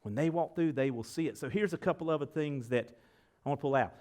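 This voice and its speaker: A male pastor with a notably high voice preaches a sermon in a church sanctuary. His delivery is folksy and animated, jumping between loud bursts and hushed stretches. He keeps turning to the congregation with direct questions. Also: fast talker.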